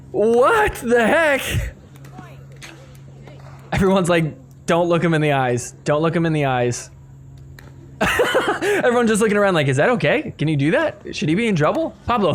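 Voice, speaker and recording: Laughing, lively male podcast host. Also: fairly high pitch, slight background noise. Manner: laughs often, acts out players' thoughts in quick asides. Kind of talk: casual recap commentary over clips.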